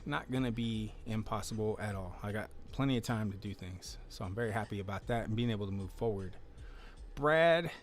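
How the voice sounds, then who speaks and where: A man's voice: on the low side, steady tone, quick pace, few pauses, a little hiss or hum. A man hosting a casual livestream, rambling in a laid-back way, swearing now and then, talking into a close desk mic at home. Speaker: livestream host. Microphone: desk mic, close then moved closer.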